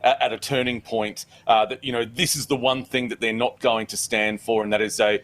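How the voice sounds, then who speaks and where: A man's voice: medium pitch, fairly even intonation, fairly quick, a bit bright. A man on a talk show panel, making an earnest argument in casual chat. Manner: earnest, builds an argument with filler restarts.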